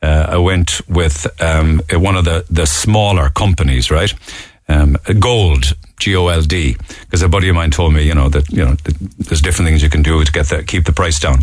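A man with a Cork Irish accent talks on his radio show in a low, deep voice. He rambles through a story with many fillers and false starts, casual and conversational. The sound is dry and close to the microphone. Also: no echo. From Ireland. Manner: rambling, full of fillers and restarts. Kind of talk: casual radio talk, telling an anecdote. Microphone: studio microphone.

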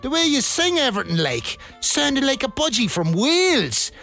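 A man's voice: extremely high pitch, sing-song, moderate pace, vocal fry, sharp tone, faint music behind, exaggerated voice. An actor playing a cocky, boastful man from Dundalk in a comedy radio sketch. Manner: boastful, aggrieved.

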